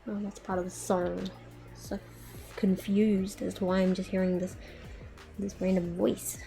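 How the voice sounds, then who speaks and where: A woman's voice: mid-range voice, flat delivery, measured pace, creaky, dark tone, faint music behind. A woman streamer chatting casually to her viewers while she crafts, muttering to herself with playful baby-talk words.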